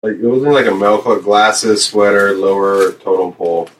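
A sick man co-hosting a casual podcast, talking in a dry, flat, low-energy deadpan. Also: moderate pace, slight background noise, poor audio. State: sick, stuffy-sounding. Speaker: podcast co-host. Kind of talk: casual chat.

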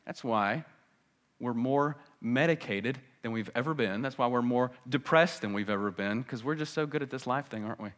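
A male pastor giving a sermon in a church, swinging from biting sarcasm to hushed, earnest appeals. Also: medium pitch, normal speed. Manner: sarcastic, then dramatic with wide swings between loud and hushed.

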